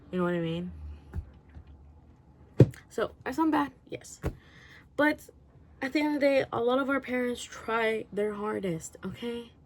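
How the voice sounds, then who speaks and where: A woman's voice: mid-range voice, gravelly, a little hiss or hum. A woman vlogger giving a rambling book review, swearing freely and often breaking into laughter.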